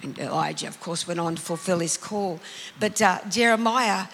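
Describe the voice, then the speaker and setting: Forceful preacher in a reverberant hall. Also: medium pitch, moderate pace, gravelly, a little hiss or hum. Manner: emphatic, calls out to the congregation. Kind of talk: sermon.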